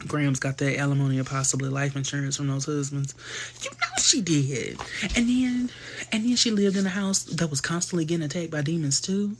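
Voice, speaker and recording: A man hosting a live stream, chatting casually and telling gossipy stories full of slang and quick asides. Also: a little high, animated, a little hiss or hum. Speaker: livestream host.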